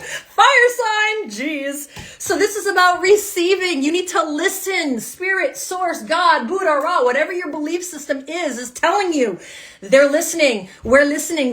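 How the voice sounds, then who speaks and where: A woman's voice: high-pitched, fairly bright tone. A woman giving a live tarot reading to her viewers, emphatic and fired up, repeating her phrases and swearing casually. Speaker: tarot reader.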